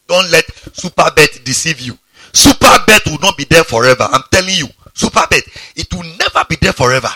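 Man, preaching a sermon, sudden high exclamations, slightly husky. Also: lively intonation, fairly quick, bright, forceful tone, no room sound. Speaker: pastor.

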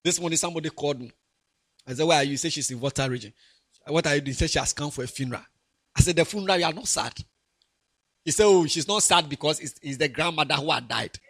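A husky, bright-toned man with a Ghanaian accent preaching a sermon. His voice sits high and he moves from soft asides to loud, emphatic bursts. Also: fast talker. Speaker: pastor.

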